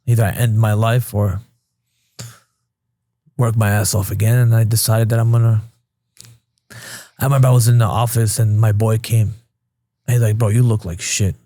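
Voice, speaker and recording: A man's voice: on the low side, level tone, normal speed, pauses often, warm tone, dry recording, clean studio sound. A man in his thirties from Queens, New York, a podcast guest telling his life story candidly and casually, swearing freely and acting out past conversations. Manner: blunt, swears freely, retells scenes with quoted dialogue.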